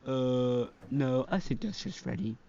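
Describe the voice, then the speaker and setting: A man playing a dim-witted male animatronic bear in a game-mod video, halting and unsure of himself. The voice is gravelly with plenty of fry. The sound is dull and lo-fi. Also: medium pitch, warm tone, slight background noise. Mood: confused. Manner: hesitant, halting. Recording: dull lo-fi mic.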